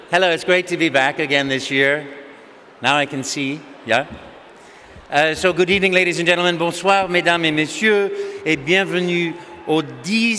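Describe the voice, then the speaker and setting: A man's voice: on the high side, bright, forceful tone, big-room sound, slight background noise. A man serving as master of ceremonies at a banquet, welcoming guests and running through the evening's program cheerfully and formally. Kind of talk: banquet emcee announcements. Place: large banquet hall.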